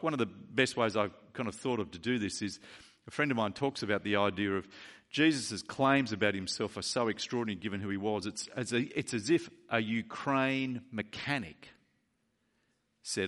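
A man preaching a sermon, retelling scripture with asides and self-corrections and building to loud declarations. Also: on the low side, normal speed.

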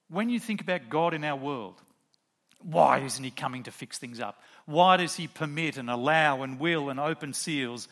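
Middle-aged male preacher, slightly high and sharp-toned, storytelling sermon full of rhetorical questions.

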